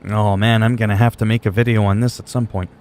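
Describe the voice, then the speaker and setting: A man's voice: on the low side, flat delivery, fast, darkish tone. A man streaming a game live, chatting casually as he plays, answering his chat with wry asides and the odd curse. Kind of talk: casual live gameplay commentary.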